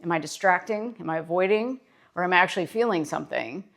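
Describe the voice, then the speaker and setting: A woman's voice: on the low side, fast, creaky, a bit bright. A woman therapist giving casual motivational talk to camera, earnest and encouraging, repeating phrases for emphasis. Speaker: therapist and self-help vlogger.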